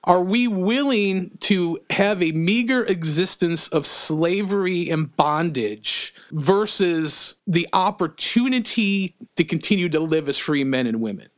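A man co-hosts a casual podcast, speaking in a fairly high voice. He talks earnestly and with emphasis, often reading quotes out loud for his listeners. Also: expressive, a little slow, few pauses. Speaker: podcast co-host. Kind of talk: casual opinion podcast chat.

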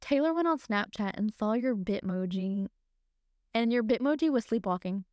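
A woman's voice: fairly high pitch, expressive, moderate pace, a little mellow, dry recording, studio quality. A young woman co-hosting a podcast, casually and emotionally retelling a frightening night. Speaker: podcast co-host. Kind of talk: casual storytelling.

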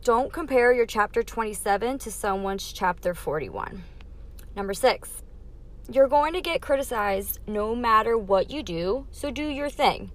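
A woman's voice: a little high, expressive, unhurried. A young adult woman hosting her own podcast, talking candidly through a numbered list of life lessons in a casual, emphatic way. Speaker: podcast host.

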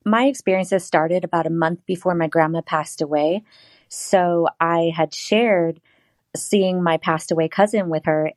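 A woman's voice: sits low, no room sound. A woman guest telling a personal story in casual interview talk, acting out the voices she quotes.

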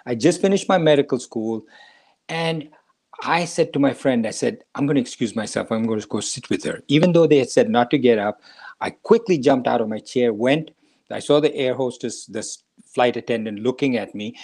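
An older man in his seventies, a doctor hosting a talk show, with a voice of ordinary pitch. He tells a personal story step by step at an easy pace and stops now and then to ask himself questions and answer them. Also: darkish tone. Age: 70s. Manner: unhurried anecdotal storytelling with rhetorical questions. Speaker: podcast host, doctor.

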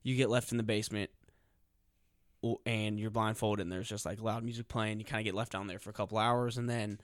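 A young man co-hosting a casual podcast chat, hesitant and halting when put on the spot. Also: on the low side, level tone, dry recording, clean studio sound. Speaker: podcast co-host.

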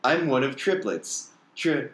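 A man reads a story aloud in a middle-pitched voice. He lifts his pitch and pushes harder for the characters' lines, now and then stumbling and starting a line over. The room around him is echoey. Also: expressive, moderate pace, fairly bright tone. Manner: reads character lines with raised pitch and emphasis, occasional slips and restarts. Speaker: reader of fan fiction.

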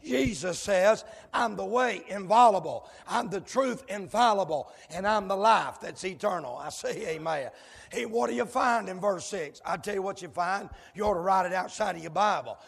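A male preacher delivering a fiery sermon in rhythmic cadences, dotted with amens and sudden shouted whoops. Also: high voice, normal speed, creaky, breathy edge. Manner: rhythmic cadences punctuated with amen. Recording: long hall reverb.

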